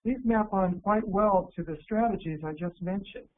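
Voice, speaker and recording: A man from the United States giving an instructional workshop talk to teachers, calm and deliberate, slowing down to stress key words. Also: sits high. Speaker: teacher educator presenting a workshop. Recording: narrow phone-like sound with faint hiss.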